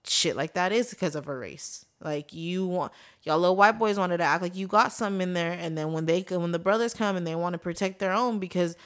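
Woman podcast co-host, lowish voice, casual, fired up and blunt. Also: brisk. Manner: blunt, heated, heavy swearing. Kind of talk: casual chat.

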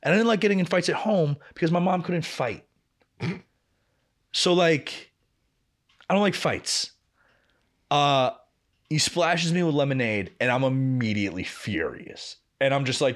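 Young male podcast co-host, casual storyteller, lively pitch sitting a bit high, profane. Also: moderate pace. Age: young adult. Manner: animated, swearing, acting out quoted lines with big pitch jumps.

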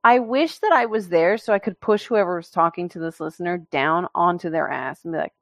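A woman's voice: on the low side, fairly quick, no echo. A woman from Brazil co-hosting a podcast, reading listener entries with sarcastic, profane casual chat. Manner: sarcastic, mocking, swears casually. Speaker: podcast co-host.

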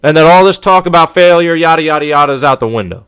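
Fired-up New sports talker. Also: male voice, fairly high pitch, fast talker, clean tone. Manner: animated, emphatic, repeats himself, rhetorical questions. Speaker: sports show host. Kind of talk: casual sports commentary monologue.

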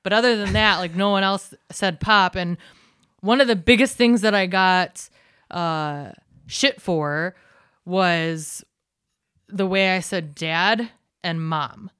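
A young woman with a Midwestern accent chats loosely on a podcast, restarting sentences and laughing as she goes. Her voice is bright and crisp, recorded close and dry. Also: on the low side, slow, no echo. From South Dakota. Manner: chatty, laughing, full of fillers and restarts. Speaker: podcast co-host. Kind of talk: casual chat.

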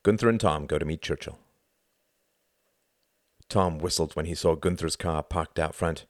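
Deep guy reading a novel aloud, steady, dry close sound. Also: moderate pace, no echo. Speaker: audiobook narrator. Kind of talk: audiobook narration.

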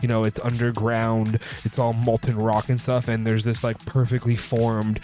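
A man's voice: mid-range voice, completely flat delivery, moderate pace, dark tone, soft background music. A man hosting a casual movie review show, rambling through the plot with many filler words and restarts. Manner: sipping a drink while recording. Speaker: movie review podcast host.

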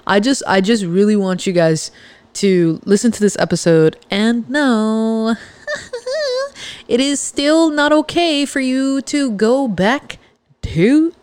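Here a podcast host from Los Angeles, California, offers a pep talk in a mid-range voice captured without reverb. Her delivery is casual and forceful, full of chatter, laughs, and false starts.

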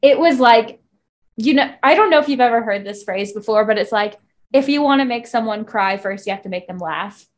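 A woman's voice: a little high, fairly quick. Gushing, swearing woman chatting about a book. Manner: gushing, swears freely, lots of "like" fillers. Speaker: podcast co-host. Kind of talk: casual book-club chat.

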